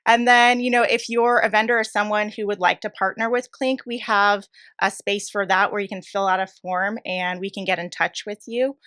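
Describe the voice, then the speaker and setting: A woman's voice: mid-range voice, fairly even intonation, normal speed, a bit bright, clean tone, no echo, studio quality. A woman from Oregon, a bistro owner chatting as a podcast guest in an upbeat, talkative way with plenty of fillers. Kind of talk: casual interview chat.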